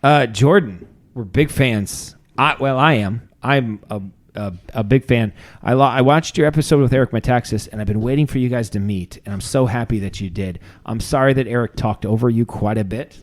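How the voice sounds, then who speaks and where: A man's voice: medium pitch, normal speed. A man co-hosting a podcast in casual chat, rambling into asides and laughing often. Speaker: podcast co-host.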